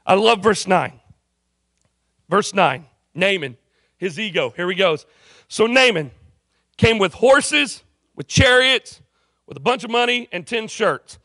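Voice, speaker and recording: Lively high-voiced pastor. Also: male voice, slow pace, long pauses, no echo, clean studio sound. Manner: animated, jokey storytelling with voiced characters. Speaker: campus pastor. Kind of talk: sermon. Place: university chapel.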